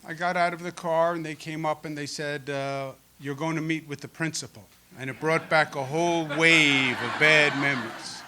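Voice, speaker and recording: A man's voice: fairly high pitch, fairly even intonation, moderate pace, hardly any pauses, sharp tone, a little hiss or hum. A man in his fifties with a Queens New York accent, giving a folksy, joking public speech as governor at a school event. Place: school event before an audience.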